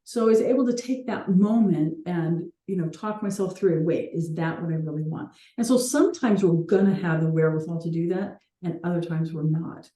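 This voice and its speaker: A woman's voice: lowish voice, brisk, hardly any pauses, mellow, reverberant. A woman hosting a coaching call, talking earnestly and reflectively with light laughs now and then.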